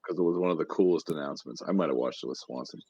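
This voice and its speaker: A man's voice: a bass voice, very fast, a loud crowd. A man co-hosting a casual podcast chat, giving blunt opinions and laughing often, heard through a dull lo-fi mic. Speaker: podcast co-host.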